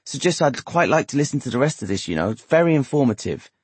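A man's voice: medium pitch, big pitch swings, fast, breathy edge, no echo, voice pushed up. A man voicing an easygoing middle-aged husband who coaxes a friend in a carrying whisper. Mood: coaxing. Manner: mild, breezy, urging in a loud whisper.

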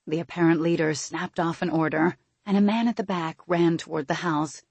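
Husky low-voiced woman narrating a story. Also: steady tone, normal speed, darkish tone, no room sound. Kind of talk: scripted audiobook narration.

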